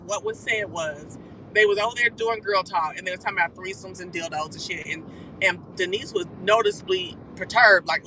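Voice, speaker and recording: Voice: medium pitch, noisy background. A live-stream host giving a casual, profane gossip recap while driving a car. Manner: animated, profane, quick-talking.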